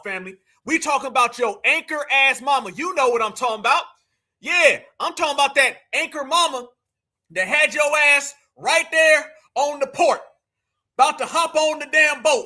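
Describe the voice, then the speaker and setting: High, bright, shouting male host. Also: normal speed. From United States. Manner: loud, mocking, often shouting. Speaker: commentary show host. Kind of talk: live commentary rant.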